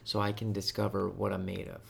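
A man in casual chat, telling stories loosely and profanely, with bursts of loud joking. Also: sits low, completely flat delivery, brisk, creaky.

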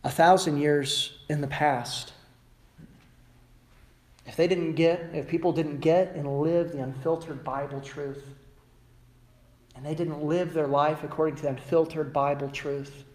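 A male pastor preaching a sermon emphatically, rising sharply in pitch and volume at his high points and mimicking other people sarcastically. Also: fairly even intonation, a little slow, long pauses. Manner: emphatic preaching with wide swings in pitch and loudness; mocking voices of the world in sarcastic asides.

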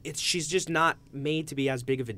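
A man's voice: a little high, steady tone, a little fast, sharp tone. A young man co-hosting a casual chat, explaining things at length and laughing at his friends. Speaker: podcast co-host.

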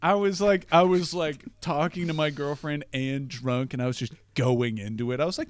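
A young man, telling profane, animated stories in a casual chat. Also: on the high side, normal speed, no echo. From Canada. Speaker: podcast co-host.

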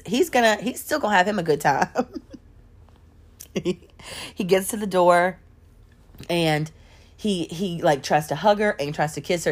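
Woman telling a funny story, lots of swings up and down, kinda low voice. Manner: animated, joking, exaggerated. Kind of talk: casual storytime chat.

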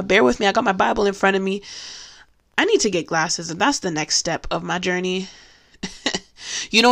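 A woman's voice: medium pitch, fairly bright tone. A woman leading a casual devotional Bible study, talking candidly and laughing often.

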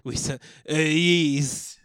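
A man's voice: on the high side, steady tone, fairly bright tone, clear, resonant tone, dry recording. A man joking and bantering in a casual podcast chat. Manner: joking, quick banter with laughs.

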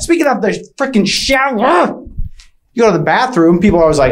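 A man doing a stand-up routine, rambling and hesitant and full of restarts, playing it deliberately awkward. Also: very high-pitched, lively intonation, gravelly, a little hiss or hum. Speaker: stand-up comedian.

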